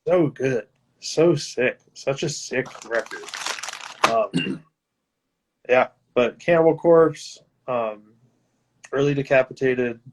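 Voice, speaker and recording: A man's voice: mid-range voice, slow pace, pauses often, a little mellow. Laid-back man chatting on a video call. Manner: laid-back, laughs often, swears casually. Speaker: guest musician. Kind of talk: casual chat over live video.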